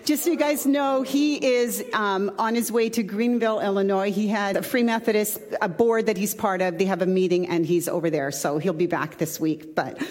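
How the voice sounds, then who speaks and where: A woman's voice: medium pitch, fairly even intonation, normal speed, hardly any pauses, a little mellow. Woman pastor preaching, chatty and casual, long echo in a church hall. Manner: conversational, chatty, with asides. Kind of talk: sermon.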